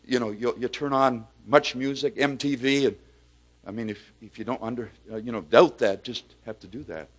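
A middle-aged man preaches with a mid-pitched voice. He drops to near-murmurs, then builds to loud, emphatic climaxes as he drives each point home. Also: steady tone, moderate pace. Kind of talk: sermon.

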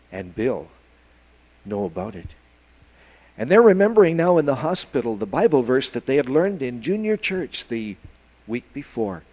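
A man telling a children's story at church, in a folksy, lively way with plenty of fillers. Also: mid-range voice, low-quality recording.

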